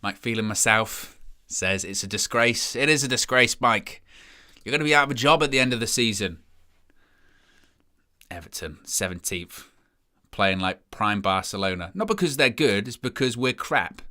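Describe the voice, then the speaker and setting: A man's voice: mid-range voice, animated, normal speed, bright, forceful tone. A young man hosting a live football watch-along, rambling and glum about his team's play. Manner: dejected, rambling, self-mocking. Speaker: match watch-along host.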